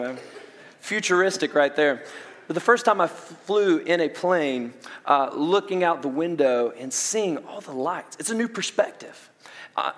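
A young adult man with a Southern US accent, preaching a sermon in an animated way, with quick asides and restarts. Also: fairly high pitch. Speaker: pastor. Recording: long reverb of a large hall.

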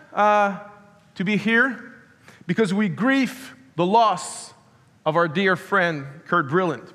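A man's voice: high-pitched, slow pace, a bit bright, a faint crowd, a little hiss or hum. A man with a Quebec French accent, a native French speaker, preaching as a guest pastor and playfully rallying the congregation. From Quebec, Canada. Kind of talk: sermon. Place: church sanctuary. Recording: long church hall reverb.

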